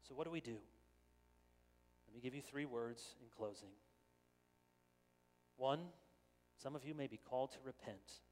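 A middle-aged man preaching a sermon as pastor, earnest and animated, with quick stammered restarts. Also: mid-range voice. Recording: long reverb of a church hall.

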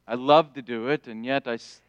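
A middle-aged male pastor preaching a sermon, emphatic, rising to loud declarations and dropping soft. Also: medium pitch, fairly even intonation, a little fast, clear, resonant tone, no room sound, dull audio.

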